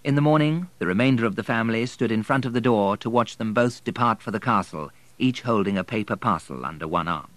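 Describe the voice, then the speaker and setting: Low-voiced man narrating an audiobook. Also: fairly quick, few pauses, a bit bright, no room sound, poor audio.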